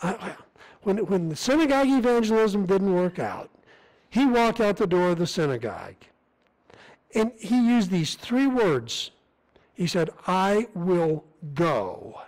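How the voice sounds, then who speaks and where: A man's voice: sits high, big pitch swings, measured pace, darkish tone, poor audio. A man preaching as a visiting missionary, speaking in an earnest, conversational manner with frequent restarts. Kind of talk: sermon. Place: church sanctuary.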